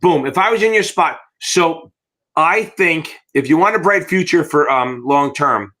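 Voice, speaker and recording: A man's voice: on the high side, lively intonation, a little slow, pushed and bright. A middle-aged American man teaching exam prep in a live Q&A, blunt and rambling, with frequent swearing.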